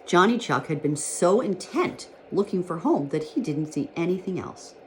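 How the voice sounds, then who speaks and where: A woman teacher with a low, warm voice reads a children's storybook aloud. She tells it in a gentle, expressive way. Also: normal speed, a little hiss or hum.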